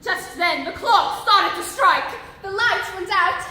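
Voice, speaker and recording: A woman plays a shrill, posh society hostess in a spoof murder mystery, gasping and sing-song at a very high pitch. The voice rings out in a very echoey room with clear background noise. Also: lively intonation, slow pace, distant mic, heavily acted. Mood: theatrical. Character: hysterical posh lady hostess, theatrical. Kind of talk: parody murder-mystery acting.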